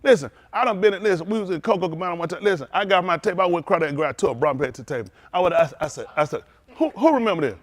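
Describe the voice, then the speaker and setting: Animated high-voiced preaching pastor. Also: male voice, very fast. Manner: animated storytelling preaching, calls out to the congregation. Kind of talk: sermon.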